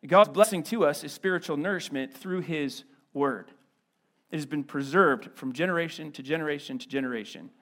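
A man pastor preaching a sermon with a Midwestern American accent, swinging from quiet stretches to loud emphatic lines. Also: a little high, moderate pace.

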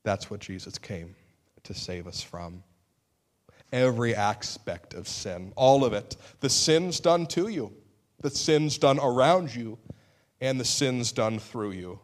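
A man's voice: medium pitch, expressive, slow pace. Male pastor, middle-aged, earnest sermon delivery that bursts out emphatically, wry about himself. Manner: earnest, with sudden emphatic outbursts and self-deprecating humor.

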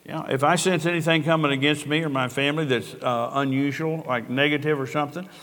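An older male pastor delivers a sermon in a large hall whose long reverb trails after his words. His voice is fairly high, steady and a bit bright, and he moves briskly through earnest storytelling, preaching conversationally and quoting dialogue.

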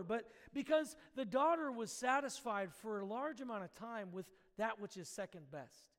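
A man's voice: sits high, fairly bright tone, long reverb tail. A man preaching a sermon, praying and then telling a story in an earnest storytelling manner. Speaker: pastor. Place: church sanctuary.

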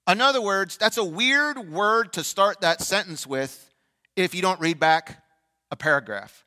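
Pastor guy preaching easter sermon, goes loud then quiet, big echoey church hall. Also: sits high, moderate pace. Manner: swings from loud fervent preaching to quiet asides. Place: large church sanctuary. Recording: long church hall reverb.

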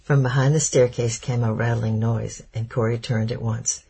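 A man narrating a chapter of an audiobook in a steady, measured storytelling manner. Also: mid-range voice, vocal fry, husky. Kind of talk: scripted narration.

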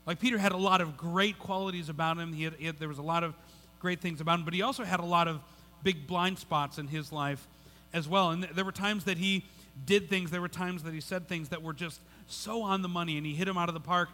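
A male pastor gives a sermon in a relaxed, conversational way, repeating words and restarting sentences as he goes. His voice sits high and bright. It carries through a large hall with a long, lingering reverb. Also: fast.

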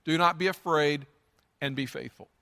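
A pastor preaching a sermon in a church sanctuary, earnest and emphatic, driving his points home by repeating them. His voice is high and bright, carrying a long reverb from the large room around him. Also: normal speed, vocal fry.

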